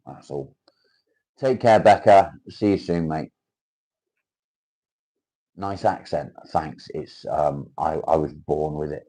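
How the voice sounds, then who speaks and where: His pitch is extremely low and his delivery slow and mellow, full of long pauses. He's a man from Cheshire, England, whose accent mixes northern English with South Welsh, chatting casually on a livestream where he reads out comments, swears freely and greets viewers by name.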